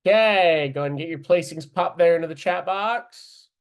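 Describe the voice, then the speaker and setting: A man's voice: fairly high pitch, brisk. A man teaching livestock judging in a live online lesson, talking casually and thinking aloud with plenty of fillers as he explains his placings.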